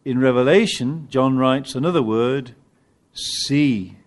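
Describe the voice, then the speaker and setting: A man preaching a sermon, animated and emphatic at times, with halting restarts as he searches for words. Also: medium pitch. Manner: animated, rising to emphatic peaks.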